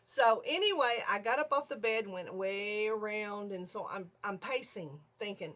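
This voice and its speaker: An older woman vlogger telling a story in a casual, animated way from her home video room, often checking in with "okay?". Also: a little high, moderate pace.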